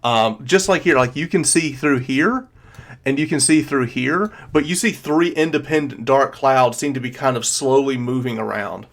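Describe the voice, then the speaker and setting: A man's voice: mid-range voice, moderate pace. A man narrating a tabletop game as game master, describing scenes loosely with plenty of ums and likes. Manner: rambling, filler-heavy descriptions.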